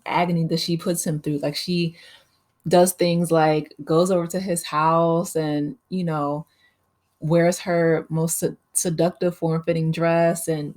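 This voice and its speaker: A woman's voice: sits low, darkish tone. A woman hosting her own channel, giving a casual, chatty movie recap with frequent laughs and fillers. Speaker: channel host.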